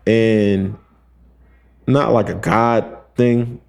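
A man's voice: on the low side, fairly even intonation, very slow, gravelly, darkish tone, smooth. A young man on a podcast, telling a long story in casual slang, acting out quotes and using lots of fillers. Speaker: podcast co-host.

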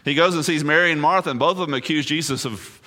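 A man, a pastor, preaching a sermon full of rhetorical questions, swinging between hushed, low passages and emphatic, raised ones. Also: fast.

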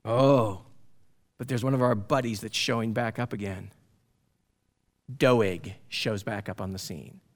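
A man teaching through a Bible passage in a conversational, animated way, often asking his listeners questions. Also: fairly low pitch, measured pace, pauses often.

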